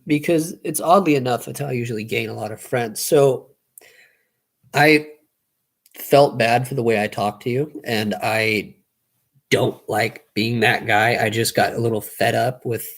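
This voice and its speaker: A young man chatting casually on a live stream, rambling quickly and running out of breath as he talks. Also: medium pitch.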